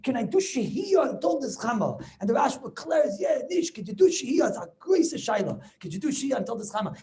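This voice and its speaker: A man teaching a Talmud class over a video call, animated and full of rhetorical questions, mixing Yiddish and Hebrew terms into his talk. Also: extremely high pitch, brisk. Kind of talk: lively Torah lesson over video call.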